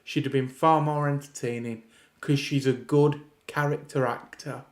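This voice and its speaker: A man's voice: mid-range voice, steady tone, normal speed. A man giving a casual reaction review of a TV episode, ranting in an exasperated way and often restarting his sentences. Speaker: video reviewer.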